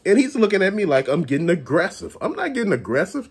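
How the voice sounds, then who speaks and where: A man's voice: sits high, quick pace, breathy edge. A man ranting casually and bluntly to his viewers about a bad store visit, cursing often and talking directly to them. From Chicago area. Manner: animated, blunt, curses often. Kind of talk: casual profane rant.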